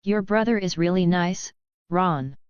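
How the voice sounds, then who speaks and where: A woman's voice: lowish voice, a little slow, clear, resonant tone, no room sound, muffled recording, close to an everyday voice. A woman voicing an eager, generous eleven-year-old boy wizard in a storybook reading. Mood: earnest.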